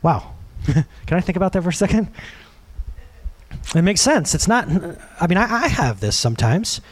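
A man's voice: sits high, normal speed. A man in his thirties, a pastor, preaching a conversational sermon and acting out quotes in other voices. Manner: conversational, animated, acts out quotes.

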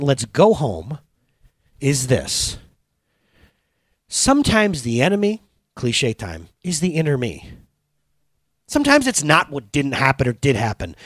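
A middle-aged man preaching a sermon, telling playful stories with loud bursts of excitement. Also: fairly high pitch, dry recording, studio quality. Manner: animated, playful storytelling with bursts of loud exclamations. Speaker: pastor.

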